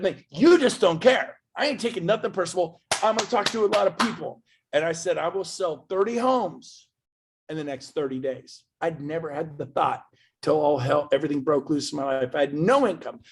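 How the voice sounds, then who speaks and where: Gravelly, husky man giving a pep talk. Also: fairly high pitch. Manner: emphatic, swings between loud bursts and quiet asides. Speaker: motivational speaker. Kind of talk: motivational talk to an event audience.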